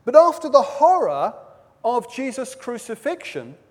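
High-voiced preacher in a hall. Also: male voice, huge pitch swings, a little slow. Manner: storytelling, dramatic quoting with shifts in loudness. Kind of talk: sermon at a baptism service. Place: large venue with a platform. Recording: long reverb of a large hall.

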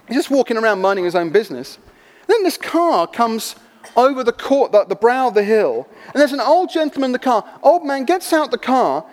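A man preaching a sermon, telling stories with animated energy and acting out the people in them. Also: very high-pitched. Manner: animated storytelling, acting out voices. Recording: long hall reverb.

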